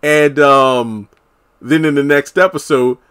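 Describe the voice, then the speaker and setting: A man casually recapping a TV episode as a solo reviewer, chatty and animated, acting out characters' lines. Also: fairly high pitch, slow pace, clear, resonant tone. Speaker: TV show reviewer.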